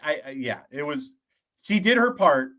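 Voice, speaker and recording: A man co-hosting a podcast, giving slow, short, supportive replies in casual conversation. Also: fairly high pitch, sing-song, fairly bright tone. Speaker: podcast co-host.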